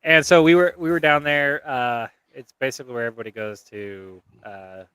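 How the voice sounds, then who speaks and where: A man's voice: mid-range voice, steady tone, fairly quick, a bit bright, clear, resonant tone, dry recording. A man hosting a podcast, telling a rambling, profane story in casual chat and laughing as he goes.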